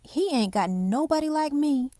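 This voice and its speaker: A woman voicing an anxious, heartbroken young man who speaks haltingly and rawly. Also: high-pitched, animated, dark tone, no room sound, clean studio sound, pitched above the performer's own voice. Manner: halting, raw, speaks in dialect.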